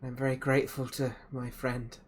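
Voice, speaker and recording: A man's voice: medium pitch, little pitch movement, slight background noise, close to an everyday voice. A man playing an earnest pious adventurer. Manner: measured, slow, hesitant.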